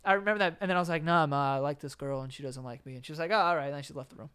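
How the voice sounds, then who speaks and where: Young man, high voice, smooth and clear tone, rambling storyteller, casual podcast chat. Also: very fast, a bit bright. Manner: rambling, many restarts, swears freely. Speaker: podcast co-host.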